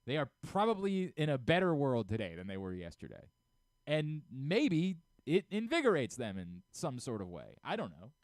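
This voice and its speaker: A middle-aged man hosting a sports radio show, ranting about football with rapid swings between low muttering and shouted outbursts. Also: huge pitch swings, dry recording. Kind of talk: opinionated sports talk. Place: radio studio.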